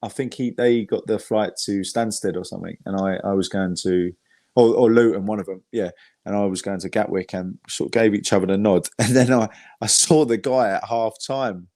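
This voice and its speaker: A man with an English accent chats as a podcast guest, rambling through fan anecdotes and swearing freely. His voice sits fairly low. The sound is dry and close, with no room echo. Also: steady tone, normal speed, a little mellow. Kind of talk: casual chat.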